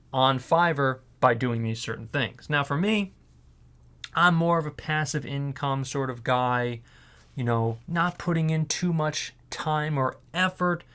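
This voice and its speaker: A man's voice: mid-range voice, a bit bright. A man who is a voiceover artist, talking casually in a rambling way, his voice strained and worn out. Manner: rambling, with many fillers and restarts. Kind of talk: casual vlog talk.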